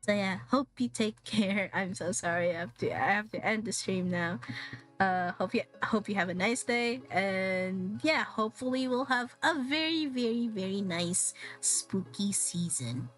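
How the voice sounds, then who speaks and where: A woman's voice: medium pitch, a little slow, fairly bright tone, soft background music. A young woman from the Philippines chatting casually on her stream, rambling, swearing a lot and laughing often. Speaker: VTuber streamer.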